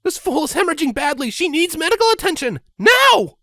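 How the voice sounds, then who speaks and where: A man voicing a panicked female pony nurse who shouts urgently for help. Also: very high-pitched, sing-song, fairly quick, no room sound, studio quality, voice pushed up, heavily acted.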